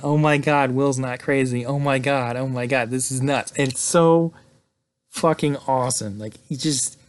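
A man giving a casual, excited movie recap, peppering his talk with "like" and "right?". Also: medium pitch, no room sound. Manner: chatty, excited, fills with "like" and "right?". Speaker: movie reviewer.

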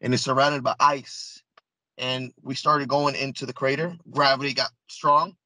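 A man with a bright, forceful tone, talking as an interview guest. He recounts his experience earnestly and casually, stumbling, repeating words and restarting his sentences. The sound is dry and close, with no room around it. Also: medium pitch, fairly even intonation, moderate pace, no room sound, low-quality recording. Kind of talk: casual first-person storytelling.

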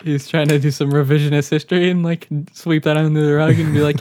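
A man's voice: a little high, flat delivery, fast, a little mellow. A young man co-hosting a crude podcast chat, joking, laughing a lot and filling his talk with "like". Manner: jokey, laughs a lot, full of "like". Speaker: podcast co-host.

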